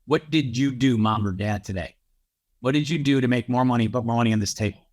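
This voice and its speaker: Man, brisk real estate coach, punchy delivery, lists points fast. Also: medium pitch, darkish tone. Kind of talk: emphatic coaching talk.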